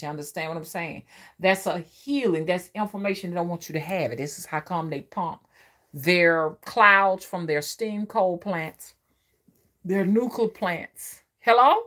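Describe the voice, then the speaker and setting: A woman's voice: lowish voice, a bit bright. A woman, a spiritual reader giving a profane, emphatic ranting monologue and often asking the listener whether they follow. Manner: profane, preachy, emphatic, asks the listener to agree.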